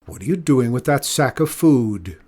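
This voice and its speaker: Gruff, rude old keeper, read by a man, scornful storybook voice. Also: mid-range voice, very animated, normal speed. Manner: mocking, scornful, calls loudly.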